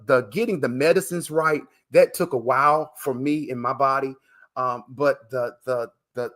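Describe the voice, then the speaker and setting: A man's voice: medium pitch, fairly bright tone. Emphatic man with repeated stammering starts. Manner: halting, with many repeated words and fillers; emphatic and preacher-like, calling the listener "man". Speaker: guest, transplant recipient and coach. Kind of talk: emotional conversational interview. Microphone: live video call broadcast.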